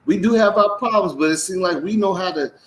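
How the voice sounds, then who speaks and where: A man's voice: high voice, brisk, fairly bright tone, a little hiss or hum, low-quality recording. A man co-hosting a casual commentary chat, talking animatedly and acting out quotes in mimicking voices. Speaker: co-host.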